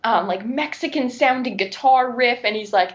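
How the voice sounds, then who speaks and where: A woman tells animated stories in casual podcast chat. Her voice sits fairly high, and a muffled, lo-fi recording softens it. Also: moderate pace. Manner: animated storyteller. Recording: dull lo-fi recording.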